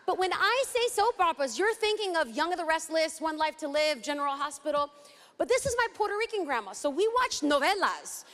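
A woman Bible teacher from East Los Angeles preaching a sermon, dramatic and animated, acting out scenes as she teaches. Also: extremely high pitch, brisk. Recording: hall reverb.

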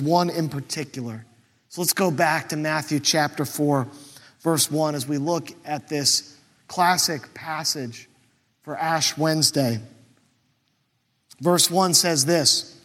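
Pastor guy giving a chatty sermon, high voice, long echo in the church. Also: a bit bright. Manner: conversational, asks questions aloud.

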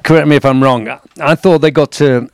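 A man's voice: mid-range voice, steady tone, fairly quick. A man telling anecdotes as a chat show guest, hesitant, with many fillers.

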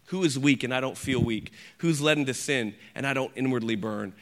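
A man's voice: mid-range voice, a little fast, a bit bright, pitched below the performer's own voice, lightly acted. A man reading aloud in the voice of an ancient male apostle, declaiming his trials in dramatic recitation. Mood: hushed.

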